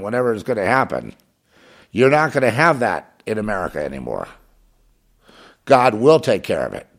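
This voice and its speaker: A man delivers a fervent, rambling preaching monologue, circling back on his phrases again and again. His voice sits at an ordinary middle pitch.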